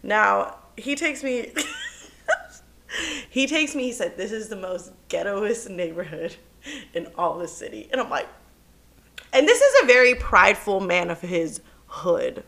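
A young woman co-hosting a podcast, telling a story in casual chat, animated and cursing freely, laughing as she goes. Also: mid-range voice, unhurried, vocal fry. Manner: animated, swears often, laughs through her story. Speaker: podcast co-host.

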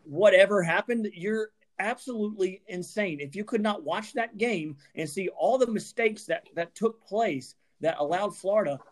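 A man, co-hosting a podcast and delivering a heated, emphatic sports rant full of stammered restarts. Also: high-pitched. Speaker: podcast co-host.

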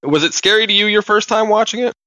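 A man co-hosting a podcast, telling stories in an animated way, laughing often and swearing casually. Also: high-pitched, fast talker, no room sound. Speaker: podcast co-host. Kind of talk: casual chat.

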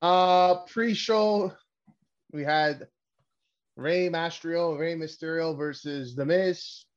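A man's voice: fairly high pitch, takes it slowly, dull audio. A man from Canada hosting a casual wrestling podcast, rambling, swearing often and getting worked up. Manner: profane, rambling, excitable. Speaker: podcast host.

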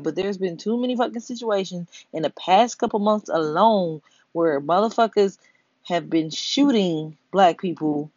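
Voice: medium pitch, dry recording. A person giving a blunt, profane commentary rant straight to listeners, speaking emphatically and often asking "you know what I'm saying". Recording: dull, lo-fi, dry audio.

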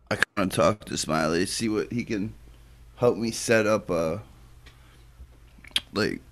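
A man speaking as a guest on a talk stream, relaxed and rambling, with lots of fillers. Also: fairly low pitch. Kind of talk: casual chat.

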